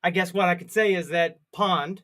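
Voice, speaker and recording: High-voiced guy cohosting a crypto podcast, ribbing his buddy, laughs a lot. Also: fairly even intonation, normal speed, a bit bright. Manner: laughs often, teasing. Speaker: podcast co-host. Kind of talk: casual crypto chat.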